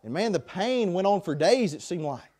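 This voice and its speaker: A man preaching a sermon in a chapel, passionate, swinging between loud pleas and hushed passages. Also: high-pitched, big pitch swings, normal speed.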